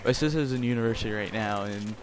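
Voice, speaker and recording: A man's voice: on the low side, quick pace. A sixteen-year-old boy from Canada, rambling crudely and jokingly through casual gameplay commentary. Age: teens. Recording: game gunfire noise behind voice.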